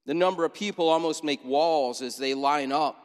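A man's voice: a little high, moderate pace, in a large hall. A man preaching as pastor, telling a scene vividly and asking listeners to imagine it. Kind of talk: sermon. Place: church sanctuary.

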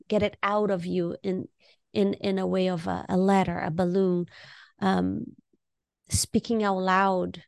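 Woman, co-host, therapist, expressive, heartfelt, stumbles into her sentences, dry close sound. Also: medium pitch, a little slow, gravelly, dry recording. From Latino community. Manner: expressive, warm-hearted, repeats words when starting a thought. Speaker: podcast co-host and music therapist. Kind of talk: casual conversation.

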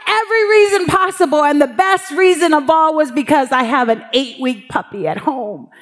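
A woman preaching a sermon from the pulpit, telling lively stories and acting out her own prayers and God's replies. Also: high voice, normal speed, long reverb tail. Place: church pulpit.

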